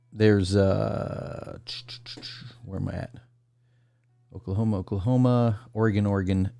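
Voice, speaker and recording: A man's voice: deep voice, gravelly, a little mellow, no room sound, clean studio sound. A man hosting a casual call-in livestream, rambling through a list and greeting viewers by name. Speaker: call-in show host.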